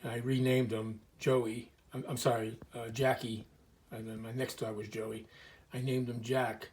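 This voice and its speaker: A man talks informally to the camera from a small museum room, spinning earnest, meandering stories and occasionally clearing his throat. His middle-pitched voice is level and a touch dark, delivered at a measured pace, with slight background noise.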